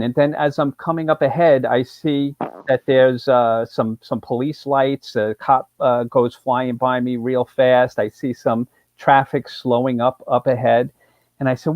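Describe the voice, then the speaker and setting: A man's voice: mid-range voice, measured pace, dry recording. A male attorney, telling a story on a live show and acting out both sides of a phone call. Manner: animated storyteller, acts out phone calls.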